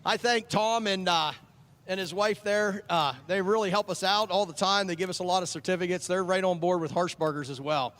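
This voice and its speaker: High-voiced friendly chaplain at a speedway. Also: male voice, fairly even intonation, fairly quick, a bit bright. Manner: friendly, joking, repeating names back. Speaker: track chaplain handing out ice cream vouchers. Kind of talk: casual chat with kids over a PA. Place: outdoors at a speedway.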